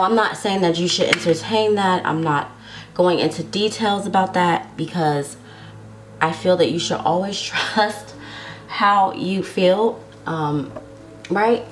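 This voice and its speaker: A woman giving a casual tarot love reading to her viewers, chatty and drawn out, often checking in with "okay?". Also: lowish voice. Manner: chatty, drawn-out words, frequent "okay?" tags. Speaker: tarot reader.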